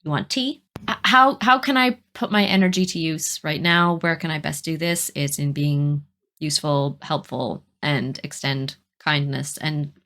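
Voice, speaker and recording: A woman's voice: sits low, steady tone, a little slow, a bit bright. A woman co-hosting a casual podcast, reflecting thoughtfully on characters from a TV episode. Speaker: podcast co-host. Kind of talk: casual chat discussing a TV episode.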